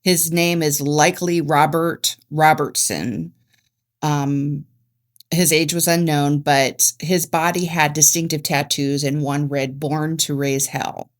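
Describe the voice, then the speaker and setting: Deep-voiced woman reading case notes. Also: fairly even intonation, takes it slowly. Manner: reads facts with small stumbles and restarts. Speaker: podcast co-host.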